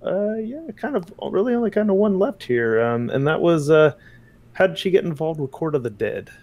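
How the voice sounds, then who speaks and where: A man's voice: fairly high pitch, sing-song, normal speed, darkish tone. A man co-hosting a casual chat, upbeat, passing along questions from the chat. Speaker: co-host.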